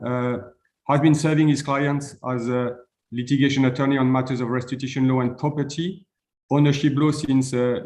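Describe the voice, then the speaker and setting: A man's voice: mid-range voice, a little mellow, reverberant. A man with a German accent moderating an online session and introducing a speaker, with frequent hesitations. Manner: hesitant, many fillers. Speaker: webinar moderator.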